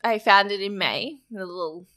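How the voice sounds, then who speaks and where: A woman's voice: medium pitch, normal speed, fairly bright tone. A woman with a Queensland Australian accent, a professional triathlete being interviewed casually, upbeat and giggly.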